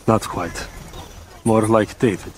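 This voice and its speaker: A man's voice: on the low side, steady tone, slow pace, a little hiss or hum. A troubled, brooding man, Middle Eastern accent. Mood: troubled, earnest. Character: troubled, sorrowful grown man. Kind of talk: TV drama dialogue.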